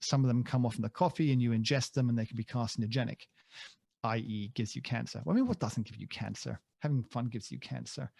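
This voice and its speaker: A man's voice: medium pitch, quick pace, gravelly, a little mellow, dry recording, clean studio sound. A man co-hosting a podcast in casual chat, rambling and joking at his own expense. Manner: rambling, jokey, self-deprecating. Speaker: podcast co-host.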